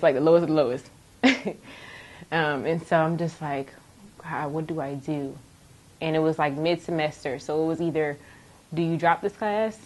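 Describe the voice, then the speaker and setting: A young woman in her twenties, a nursing student, telling a candid personal testimony with animated storytelling. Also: sits low.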